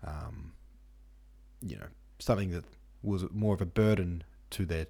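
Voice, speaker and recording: Reading listener notes and reference passages aloud, a man hosts a casual book-club podcast, musing through them with many ums and asides. His deep voice is creaky and warm, and he speaks at a measured pace.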